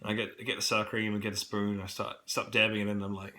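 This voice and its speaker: A young man with a New Zealand accent tells a rambling vlog story, full of fillers and swearing. His voice sits a little low but sounds bright and forceful. A cold leaves him coughing now and then. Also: flat delivery, fast talker. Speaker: camp worker vlogging. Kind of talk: casual rambling vlog monologue.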